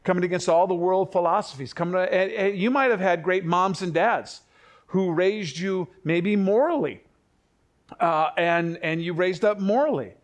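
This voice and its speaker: An older man preaching a sermon in a conversational way, with family anecdotes and quick self-corrections. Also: sits high. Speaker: pastor.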